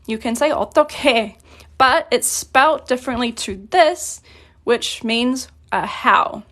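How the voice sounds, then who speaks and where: A young woman with a high voice talks through a Korean grammar lesson in a relaxed, chatty way. She says each example question, gives its meaning in English, and fills the gaps with "like" and "uh". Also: a little slow. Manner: explains plainly with many fillers, reads Korean examples then translates. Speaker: Korean language teacher.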